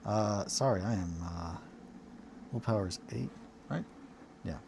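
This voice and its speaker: A man's voice: on the low side, slow pace, gravelly, noisy background. Rambling, chatty streamer guy. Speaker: hobby streamer. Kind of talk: casual stream chat.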